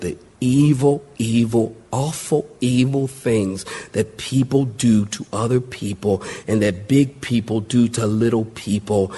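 A man's voice: fairly low pitch, husky. A middle-aged man, preaching a verse-by-verse sermon live in church and calling for responses from the congregation. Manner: animated, call-and-response with congregation. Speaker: pastor. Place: church sanctuary.

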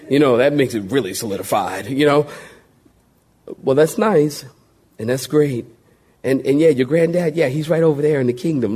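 A man preaching a sermon as pastor, speaking, joking with the congregation and calling for amens, then dropping to a slow, hushed voice to make a point. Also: mid-range voice, husky. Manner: animated preaching with a call-and-response to the congregation; folksy humor and sudden drops to a hushed, slow voice.

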